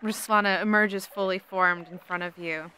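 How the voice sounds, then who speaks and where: A woman describes the scene as game master in a plain, steady way. Her voice is bright, with a faint noise behind it. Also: medium pitch, normal speed. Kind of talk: narrating a tabletop game.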